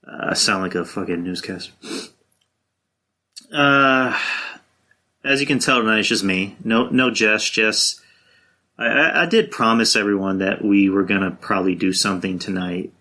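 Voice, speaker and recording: A man's voice: lowish voice, normal speed, long pauses, pushed and bright. A young man hosting his own podcast alone, chatting casually and rambling with lots of fillers, restarts and swearing. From San Antonio, Texas. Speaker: podcast host. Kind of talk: casual solo podcast chat.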